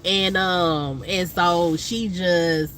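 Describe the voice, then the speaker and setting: A woman vlogger, telling a rambling personal story with many fillers and loud, high impressions of other people. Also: fairly even intonation, extremely slow, slight background noise, poor audio. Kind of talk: casual storytelling chat.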